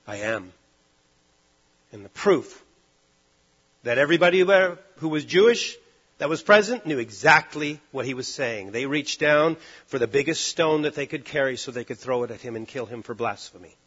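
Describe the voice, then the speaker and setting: A man preaching a sermon, driving points home with loud stresses and then dropping to hushed, low lines. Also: normal speed, husky, highs cut off.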